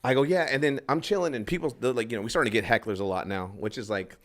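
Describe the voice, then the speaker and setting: Fast-talking man telling a rambling story. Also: medium pitch, a bit bright. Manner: rambling, acts out other people's lines, swears freely. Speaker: stand-up comedian guest. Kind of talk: casual storytelling on a podcast.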